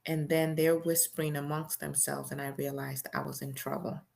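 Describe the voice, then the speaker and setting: A woman's voice: low-pitched, completely flat delivery, normal speed, gravelly, a little mellow. A woman hosting a show, reading a memoir aloud in the first person in a plain, conversational storytelling way with casual fillers.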